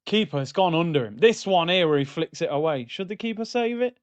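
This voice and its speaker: Male watchalong host, fired-up match banter, a bit high, slightly muffled dry mic. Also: brisk, dry recording. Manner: excitable, banter-heavy, shouts at goals. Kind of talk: live match watchalong commentary.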